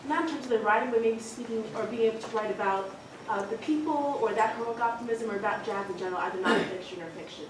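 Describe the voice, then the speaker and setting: A woman in the audience asks a hesitant, polite question in a fairly high voice. She is picked up from far off in a very echoey hall, with clear background noise. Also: quick pace. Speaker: audience member asking a question. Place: event hall.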